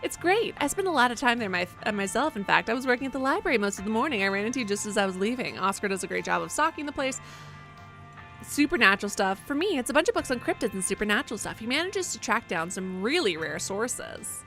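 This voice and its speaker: A woman voicing a friendly small-town diner server, speaking in a bright, cheerful, welcoming manner while reading a game aloud. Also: fairly high pitch, big pitch swings, quick pace, soft background music. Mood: chatty.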